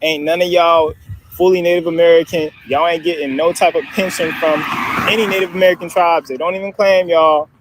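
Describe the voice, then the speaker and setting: Male vlogger, profane casual rant, chuckles between points, somewhat raised pitch. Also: fairly even intonation, a little fast, background noise. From Africa. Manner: blunt, profane, laughs through his points. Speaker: social media video maker.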